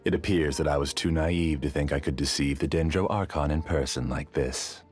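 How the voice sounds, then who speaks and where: An actor playing a courteous, scheming scholar in a game, smooth and quietly sinister. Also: male voice, very deep voice, fairly even intonation, normal speed, soft background music. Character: polite scheming man, scholar hiding secrets. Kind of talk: game character dialogue.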